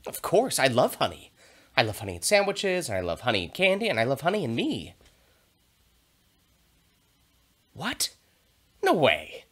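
A man voicing Murphy, an excitable, food-loving young male dog who is scared of bees, in a shrill, panicky voice for a children's story. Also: fairly quick, husky, full character voice. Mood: fussy.

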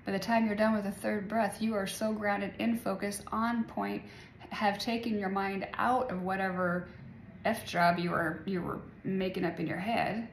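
A woman in her forties chats to her followers in a loose, wandering way and laughs often. Her voice has a gravelly, fry-heavy texture. The sound is roomy and echoey, with faint ambience behind her. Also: medium pitch, steady tone, moderate pace, a little hiss or hum. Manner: chatty, rambling, laughs often. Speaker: spiritual vlogger. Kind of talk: casual spiritual talk to viewers.

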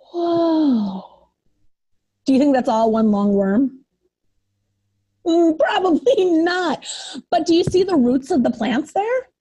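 A woman preschool teacher reading a picture book aloud to young children in an animated, sing-song way. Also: high-pitched, measured pace, long pauses.

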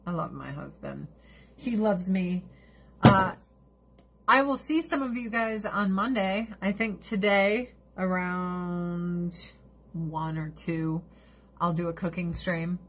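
A woman's voice: fairly low pitch, slow pace, slight background noise. A middle-aged woman streamer chatting casually with her viewers, blunt and profane, ranting with animation.

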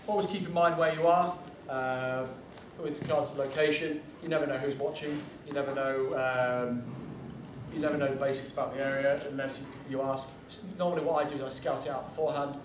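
This man has a mid-range voice, speaks fairly quickly, and keeps his intonation fairly even while giving a casual, talkative, outspoken convention panel talk full of tangents and the odd curse. The recording picks him up from far away in a reverberant room, with background noise and faint ambience.

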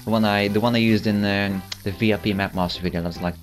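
A teenage boy with a lowish voice rambles through casual gameplay commentary, amused at his own jokes. He stumbles over fillers and restarts his sentences as he goes. Game music plays faintly behind him. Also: steady tone, fast. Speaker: channel host.

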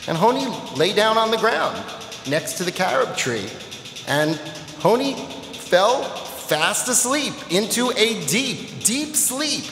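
In a temple sanctuary, a man tells a children's story during a service, lively and playful as he speaks straight to the audience. His high, creaky voice moves slowly, with music in the background. The echoey hall gives the sound a long reverb.

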